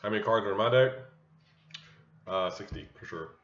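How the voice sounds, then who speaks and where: Low-voiced man chatting over his game. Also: normal speed, slight background noise. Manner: chatty, thinking aloud to himself. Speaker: gamer commentating his own card game. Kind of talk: casual gameplay commentary. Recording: roomy, dull lo-fi mic.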